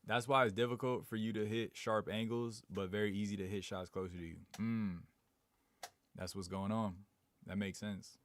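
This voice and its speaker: Laid-back slangy man, lowish voice. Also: fairly even intonation, normal speed. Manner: slangy, laid-back, reads chat aloud and answers it. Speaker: live streamer. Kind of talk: casual live stream chat.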